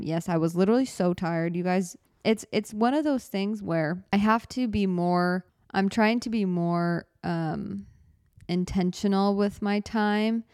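A woman's voice: lowish voice, a little mellow, clean tone, no echo, studio quality. Rambling young woman on a podcast. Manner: rambling, self-deprecating, talks fast and runs out of breath. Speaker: podcast host. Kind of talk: casual solo podcast chat. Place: small studio apartment. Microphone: studio microphone.

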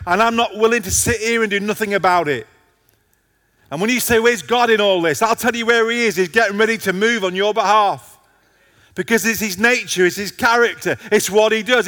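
A man's voice: high voice, brisk, pushed and bright, in a large hall. A male pastor preaching a passionate sermon to a congregation, his intensity rising and falling.

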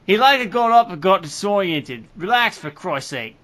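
Man playing a bright, hammy bad-Australian father, exasperated. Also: high voice, sing-song, normal speed. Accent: put-on bad Australian. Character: gruff Australian father woken at night. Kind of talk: comedic reading aloud.

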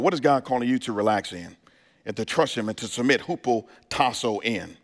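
A man's voice: medium pitch, animated, fairly quick, a bit bright. A male pastor preaching a sermon, firing questions at his congregation and asking if they are ready. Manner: preaching with call-and-response asides to the congregation. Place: church sanctuary. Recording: hall reverb.

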